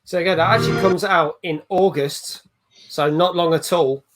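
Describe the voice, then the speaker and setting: A man's voice: a little high, steady tone, normal speed, fairly bright tone, faint music behind. A man hosting a casual gaming chat, upbeat and chatty as he moves the talk along. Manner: upbeat, chatty, hands the floor to guests. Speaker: host.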